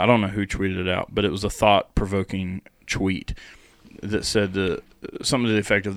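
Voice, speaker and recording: A young man with a fairly low voice talks through church teaching in a loose, chatty way. He laughs easily and trips over his own restarts. The sound is dry and close. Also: vocal fry, a bit bright, no room sound. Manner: laughs often, explains doctrine with restarts. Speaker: podcast co-host. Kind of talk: casual chat.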